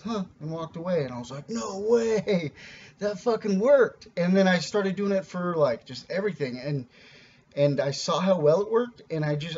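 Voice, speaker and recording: A man's voice: fairly high pitch, a little mellow, highs cut off, a little hiss or hum. A man giving a casual, rambling spiritual teaching, earnest and informal, with many restarts and the odd swear word.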